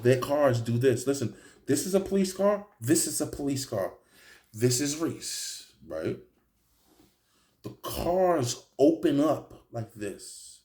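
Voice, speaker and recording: A man telling a story in a casual, profane street style, acting out the people in it. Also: mid-range voice. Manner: animated, profane street storytelling with acted-out quotes.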